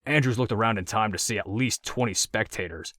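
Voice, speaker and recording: Low-voiced male audiobook narrator. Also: no room sound, studio quality. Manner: steady, measured reading.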